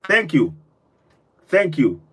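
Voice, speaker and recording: A man's voice: a little high, wildly swooping pitch, slow, fairly bright tone, husky. A man hosting a live call-in stream, effusive and full of repeated thanks. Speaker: host.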